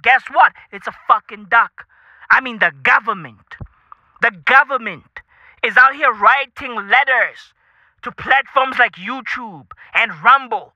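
A man's voice: very high-pitched, bright, forceful tone, no room sound. A South African man hosting a podcast, ranting in a profane comedic style with swaggering slang and repeated phrases. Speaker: podcast host. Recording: dull lo-fi dry recording.

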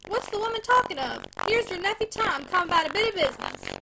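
A woman voicing a cautious, soothing old gentleman uncle. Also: very high voice, sing-song, fairly quick, heavy background noise, pitched above the performer's own voice, full character voice.

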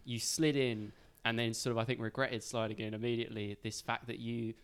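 A man's voice: medium pitch, flat delivery, fairly quick, clear, resonant tone. A male podcast host in casual chat, encouraging and chatty, speaking in a backstage green room.

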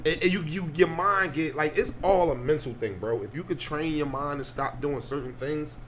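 A man's voice: on the high side, normal speed, a bit bright, slight background noise. A man co-hosting a podcast, a father bantering in a laid-back, profane way. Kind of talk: casual chat.

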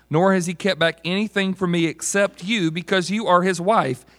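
A man's voice: on the high side, fairly bright tone. A man preaching a conversational sermon, acting out the voices he quotes. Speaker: pastor.

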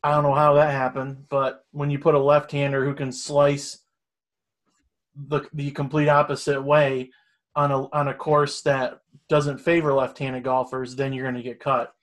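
A man's voice: medium pitch, level tone, moderate pace. A middle-aged man telling a long story in casual chat, rambling and swearing freely. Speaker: storyteller guest.

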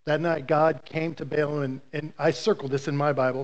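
A male pastor preaching a sermon, telling a Bible story with animated, playful asides to the congregation. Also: fairly high pitch, normal speed, hardly any pauses, muffled recording.

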